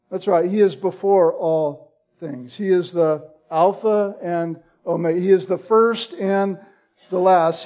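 A man delivers a sermon in a high, mellow voice. He speaks slowly and deliberately. He leans hard on key lines with mounting intensity. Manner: emphatic, deliberate, rising in intensity on key points. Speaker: preacher.

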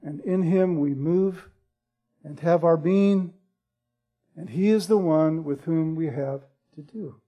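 A man delivers a sermon in a high, mellow voice. He speaks slowly and deliberately. He leans hard on key lines with mounting intensity. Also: highs cut off. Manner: emphatic, deliberate, rising in intensity on key points. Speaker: preacher.

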